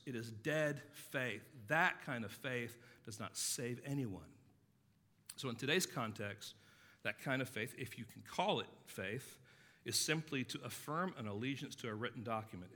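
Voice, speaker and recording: A man preaching a sermon as pastor, earnestly stressing key words and dropping his voice low to tell stories. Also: pushed and bright, big-room sound. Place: church sanctuary.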